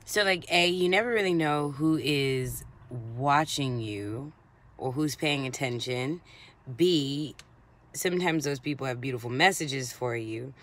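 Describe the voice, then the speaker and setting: A woman vlogger telling a casual story in a conversational, animated way, swearing freely. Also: very deep voice, a little slow.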